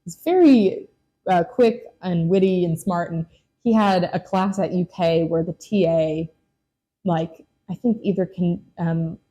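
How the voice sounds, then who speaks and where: Young woman host, lowish mellow voice, says like and you know a lot, laid-back chat. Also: a little slow, highs cut off. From Lexington, Kentucky. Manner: chatty, heavy use of "like" and "you know". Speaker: podcast host. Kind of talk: casual interview conversation.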